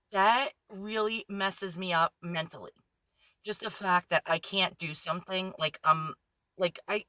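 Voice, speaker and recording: A woman vlogging on her phone from inside a parked car, rambling anxiously, swearing a lot and talking loudly when nervous. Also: lowish voice, dry recording. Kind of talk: nervous selfie vlog.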